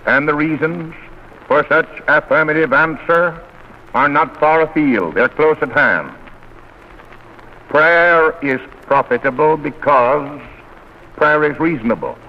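Male preacher, earnest measured oratory, old muffled radio recording. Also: on the high side, slight background noise. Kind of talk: sermon.

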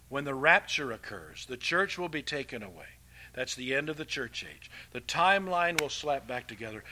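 A man preaching a sermon with animated delivery, swinging from loud emphatic passages to quiet, hushed ones. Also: mid-range voice.

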